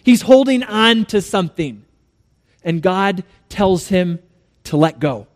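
A male pastor delivering a sermon in a church, telling a story with dramatic swings between soft and loud. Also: sits high, animated, takes it slowly, big-room sound.

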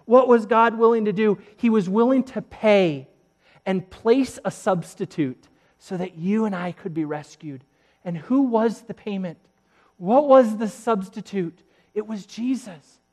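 A man preaching a sermon as pastor, telling a story with laughter and moving from hushed, slow lines to loud, lively ones. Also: high voice.

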